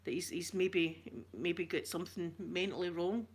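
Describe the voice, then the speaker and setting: A woman's voice: lowish voice, fairly even intonation, normal speed, slightly rough. A Scottish woman hosting an ASMR channel, chatting in a rambling, jokey way and greeting viewers by name. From Scotland. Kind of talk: chatty live-stream talk.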